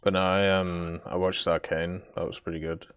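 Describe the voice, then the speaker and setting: A man's voice: sits low, flat delivery, moderate pace, a bit bright, clean tone. A man hosting a casual stream chat, laid-back, answering briefly and agreeably. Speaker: streamer host.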